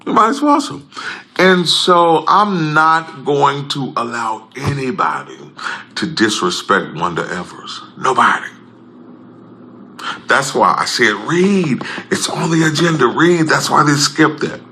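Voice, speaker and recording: Man, impassioned speaker, bright tense tone, lively pitch swings, faint background hum. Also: slow pace. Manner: emphatic and repetitive, swings between loud and low. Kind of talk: impassioned public address.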